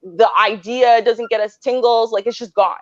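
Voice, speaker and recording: A woman's voice: on the high side, steady tone, moderate pace, no echo. Earnest woman explaining, dry muffled sound. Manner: earnest, explaining, repeats "right?". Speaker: host. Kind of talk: relationship advice debate.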